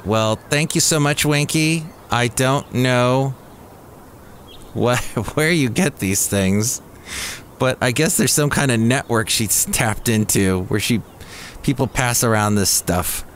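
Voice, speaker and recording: A man's voice: medium pitch, slow, a bit bright, a little hiss or hum. Goofy jokey male podcast host. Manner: goofy, jokey, slips into silly voices. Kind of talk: comic solo podcast chat.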